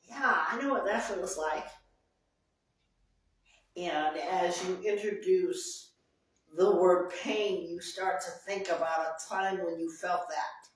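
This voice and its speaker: Leading a support group talk, a woman speaks earnestly and repeats herself to drive points home. Her pitch is fairly low and her pace slow. The distant, off-mic recording captures a very echoey meeting room.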